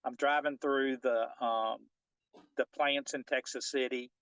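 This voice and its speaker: A middle-aged fishing guide telling a personal story in an interview, animated and often checking in with "right?". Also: male voice, mid-range voice, measured pace, clean tone, dry recording, muffled recording. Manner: animated storyteller who keeps asking "right?".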